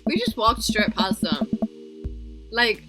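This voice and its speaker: A woman streaming a dating game, reading its dialogue aloud with animated reactions and frequent laughter. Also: on the high side, slow, poor audio. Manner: animated, laughs often, gushes emotionally. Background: game music.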